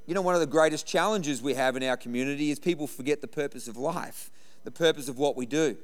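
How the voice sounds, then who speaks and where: Aussie pastor preaching, kinda high voice, echo from a long hall. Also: male voice, quick pace. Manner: storytelling, emphatic repetition. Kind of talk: sermon.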